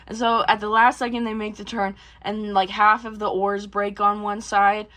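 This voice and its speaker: A young woman casually recapping a film, rambling and swearing, jumping into quick voices for the characters. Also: medium pitch, level tone, a bit bright. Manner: rambling and profane, acts out characters in quick bursts. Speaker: vlogger.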